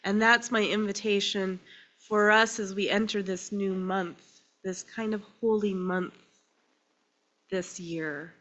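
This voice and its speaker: A woman minister preaches very slowly, her voice choked with tears between short phrases. Her voice is bright and fairly high. The recording sounds dull and lo-fi. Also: steady tone. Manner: slow, emotional and tearful, with pauses between phrases. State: crying. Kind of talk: sermon.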